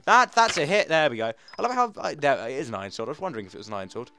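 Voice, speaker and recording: A young man giving casual let's-play commentary, chatting to his pets and himself and jumping into high-pitched shouts. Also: wildly swooping pitch, rapid-fire, clean tone. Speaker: gaming channel host.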